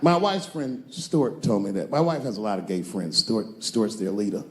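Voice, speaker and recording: A man doing stand-up comedy, swaggering and swinging between loud and soft for his punchlines. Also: lowish voice, very animated, normal speed, noisy background.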